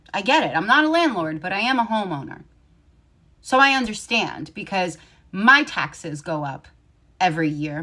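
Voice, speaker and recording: A woman talks straight to the camera in a played video, sarcastic and mock-sympathetic. Her voice sits fairly low, yet her pitch rises and falls a lot. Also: sharp tone. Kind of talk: opinion commentary.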